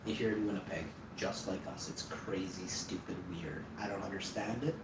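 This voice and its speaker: A man talks loosely and bluntly, drifting from one thought to the next with offhand swearing. He sits well back from the mic in an echoey room, with steady noise behind him. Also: deep voice, normal speed. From Manitoba, Canada. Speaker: vlogger. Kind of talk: casual rambling monologue to camera. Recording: roomy, distant mic, noisy background.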